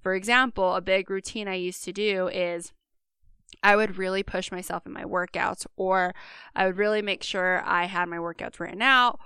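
A woman's voice: mid-range voice, steady tone, moderate pace, pushed and bright, clear, resonant tone, dry recording, studio quality. A woman co-hosting a podcast, talking earnestly and speaking straight to listeners in a casual monologue. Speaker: podcast co-host.

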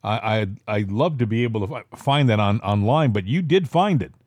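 A man hosting a casual political talk show, rambling with halting restarts. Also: on the low side, animated, darkish tone, no room sound. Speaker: podcast host.

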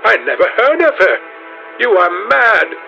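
A man voicing a frightened young gentleman in a dramatized storybook reading, his lines gasped and stammering. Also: sits high, expressive, moderate pace, creaky, highs cut off, faint music behind, pitched above the performer's own voice. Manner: gasping, stammering, then stern. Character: young man, panicked then coolly triumphant.

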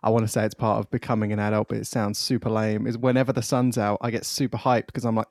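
Gravelly-voiced young man co-hosting. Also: on the low side, flat delivery, brisk, darkish tone, dry recording, studio quality. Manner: joking, laughs often. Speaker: podcast co-host. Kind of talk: casual chat.

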